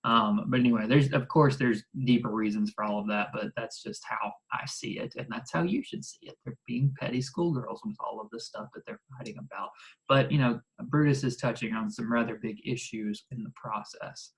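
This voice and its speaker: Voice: medium pitch, normal speed, poor audio. Teacher recording a lesson, super casual and chatty, says "like" a lot, gets exasperated. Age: adult. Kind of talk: recorded lecture explaining a play.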